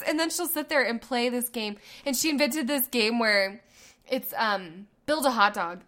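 Brief: woman, 30s, podcast co-host, high bright voice, animated storyteller. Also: normal speed. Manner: animated storytelling, laughing often. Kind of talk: casual chat.

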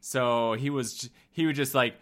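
A man's voice: medium pitch, fairly even intonation, moderate pace, a bit bright. A man in his thirties, co-hosting a casual chat, telling stories in an easygoing way and laughing along. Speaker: podcast co-host.

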